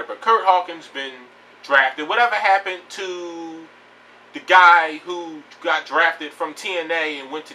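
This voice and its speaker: A man's voice: fairly high pitch, bright, forceful tone, recorded from a distance, slight background noise, rough recording. A man giving a blunt, profane, rambling rant about pro wrestling news in a casual home video. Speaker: wrestling vlogger.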